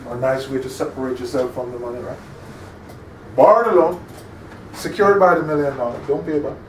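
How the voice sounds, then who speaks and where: A male instructor leads an interactive classroom lecture, frequently quizzing listeners and checking that they're following. His voice is mid-range and fairly quick. The room is echoey, the mic distant, with a faint hum.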